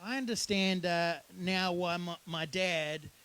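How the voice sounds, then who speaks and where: A man's voice: sits high, slow, fairly bright tone, clear, resonant tone, poor audio. A man preaching a sermon as pastor, in a casual, conversational storytelling manner.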